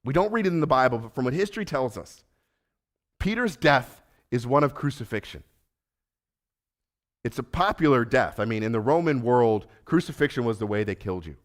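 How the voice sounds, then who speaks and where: A man preaching a sermon, acting out the voices of Jesus and Peter and moving between loud, urgent lines and soft, hushed ones. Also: medium pitch, lively intonation, brisk. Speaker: pastor.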